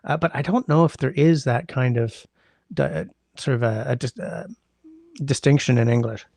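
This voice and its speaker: A man with a middle-pitched, gravelly voice hosts a relaxed livestream from home, greeting viewers one by one and humming as he scrolls through chat. His sinuses are congested, and the sound is dry and close. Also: normal speed, dry recording. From Canada. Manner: rambling, greets chatters by name, hums while scrolling. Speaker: livestream host. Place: indoors at home.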